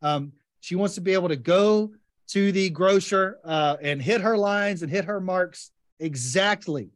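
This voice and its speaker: A man's voice: high-pitched, a little slow. A man hosting a podcast, enthusiastically discussing a short story and guiding the talk with questions. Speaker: podcast host. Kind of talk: casual literary discussion.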